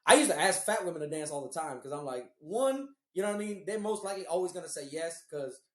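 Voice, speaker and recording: A man's voice: a little high, lively intonation, fast talker, echoey room. A man co-hosting a podcast, telling rambling, profane stories in casual chat. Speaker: podcast co-host.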